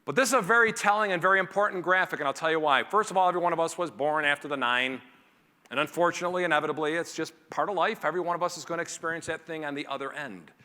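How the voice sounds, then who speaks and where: A man giving a motivational keynote speech to a conference audience, acting out family scenes in quick character voices. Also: a little high, pushed and bright. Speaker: keynote speaker. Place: large conference hall. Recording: reverberant hall.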